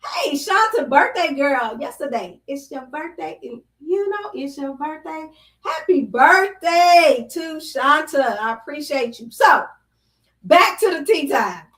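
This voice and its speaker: A woman hosts a live show, chatting casually and exuberantly greeting viewers by name, occasionally bursting into song. Her voice sits high and is animated, a bit bright and a little slow, sounding somewhat off-mic and distant in a roomy, echoey space.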